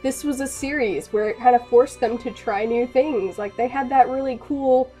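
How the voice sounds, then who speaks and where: An excitable young woman talks to her viewers in a loose, rambling rant, often breaking into laughter. Her voice sits a little high for a woman. Faint music plays behind her. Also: moderate pace. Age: young adult. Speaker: animator and vlogger. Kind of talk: casual rant to camera.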